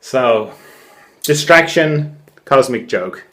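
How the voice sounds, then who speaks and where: A man, a therapist hosting a podcast, telling a story in a relaxed monologue, laughing often and swearing casually. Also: mid-range voice, drawn-out words. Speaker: podcast host; craniosacral therapist.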